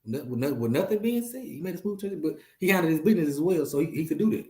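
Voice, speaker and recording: A man's voice: on the high side, expressive, racing, a little mellow, reverberant. A man hosting a casual livestream chat, talking animatedly and repeating himself as he addresses viewers. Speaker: host.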